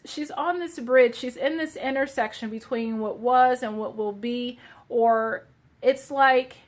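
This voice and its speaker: Gentle woman giving a card reading. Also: on the high side. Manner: gentle, searching, many fillers and restarts. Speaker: tarot card reader. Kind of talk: casual card reading to viewers.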